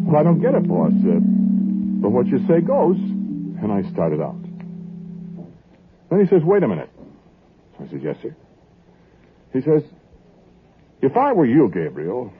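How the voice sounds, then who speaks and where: Gabriel, a folksy, animated angel. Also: male voice, medium pitch. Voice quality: folksy storytelling drawl. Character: folksy earnest angel messenger, indignant. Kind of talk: 1940s radio drama narration. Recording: tinny old radio broadcast, loud music.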